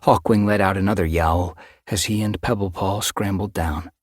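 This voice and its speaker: Reading from a script, a man narrates an audiobook in a deep, slightly husky voice. His storytelling is steady and measured, and the recording is dry and close with no room sound.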